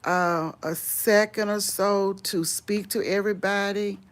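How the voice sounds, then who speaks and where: A woman talks to her live-stream viewers in an easy, unhurried way as she walks outdoors. Her pitch sits in a middle range, and she chats in a friendly, rambling manner with frequent laughs. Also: steady tone. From Louisiana. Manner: unhurried, chatty, laughs often. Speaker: vlogger host. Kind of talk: casual live-stream chat answering viewers. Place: outdoors on a walk.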